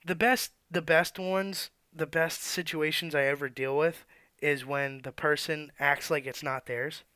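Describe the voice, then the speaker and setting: A man's voice: a little high, steady tone, a little slow, sharp tone, no room sound. A man who works as an auto mechanic, telling shop stories in a blunt, profane, ranting way. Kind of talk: casual storytelling rant.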